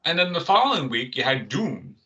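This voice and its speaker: A man co-hosts a casual entertainment chat show. His voice is very bright and edgy, and he rambles through restarts and fillers as he talks. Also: mid-range voice, big pitch swings, a little fast, lo-fi sound. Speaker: co-host.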